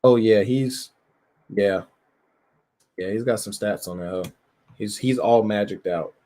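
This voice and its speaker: A man's voice: on the low side, unhurried, mellow. A man streaming, chatting casually and profanely as he looks over a tabletop game, laughing often. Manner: loose, profane, laughs often, rambling with filler words. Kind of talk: casual chat while browsing a tabletop game.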